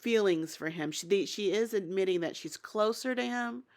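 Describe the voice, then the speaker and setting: A woman's voice: mid-range voice, moderate pace. A woman giving a casual, opinionated spoken recap of a reality TV episode, thinking aloud as she goes. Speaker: TV show recap reviewer.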